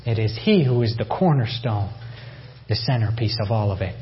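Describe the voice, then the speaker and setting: A man's voice: lowish voice, expressive, normal speed, muffled recording, faint music behind. Earnest man telling his conversion story. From Iran. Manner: earnest, emotional storytelling with repeated phrases. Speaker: testimony speaker. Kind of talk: personal faith testimony.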